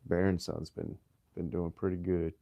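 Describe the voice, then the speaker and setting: Deep-voiced Virginian man chatting on a livestream. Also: no echo, dull audio. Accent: Virginian Southern. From Virginia, USA. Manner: relaxed, halting, frequent restarts and throat clearing. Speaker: livestream host. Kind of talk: casual livestream chat.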